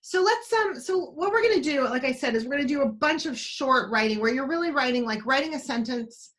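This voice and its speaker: A woman's voice: sits high, expressive, fairly quick, fairly bright tone. A woman teaching a writing class over a video call, talking in a chatty, rambling way full of restarts and asides. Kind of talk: online writing class talk.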